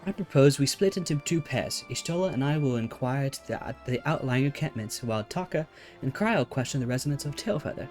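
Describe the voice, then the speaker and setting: A man reading as a composed young scholar who lays out plans in formal, measured speech. The tone is mellow and dark, with faint music underneath. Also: mid-range voice, expressive, pitched above the performer's own voice, lightly acted.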